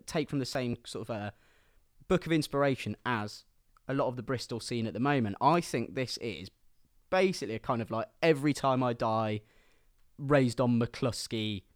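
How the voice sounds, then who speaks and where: A man's voice: medium pitch, no echo, studio quality. A man co-hosting a casual music review chat, articulate and wordy with casual swearing. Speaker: podcast co-host reviewing an album.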